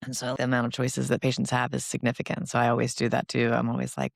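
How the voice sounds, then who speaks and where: A woman's voice: rumbling low, completely flat delivery, fast, creaky, hardly any pauses, dry recording, clean studio sound. A woman co-hosting a casual professional podcast chat as an oral surgeon, talking freely and acting out quotes from patients and colleagues.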